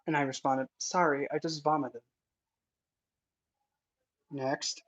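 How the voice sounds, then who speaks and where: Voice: mid-range voice, fairly even intonation, takes it slowly. An occult content creator giving casual vlog commentary in an indignant, sarcastic manner. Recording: dull lo-fi recording.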